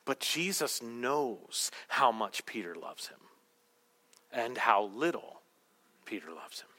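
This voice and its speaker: A man's voice: mid-range voice, big pitch swings, slow pace, bright, forceful tone. A man preaching a sermon, acting out the lines of the people in his story, sometimes dropping to a whisper. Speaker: pastor.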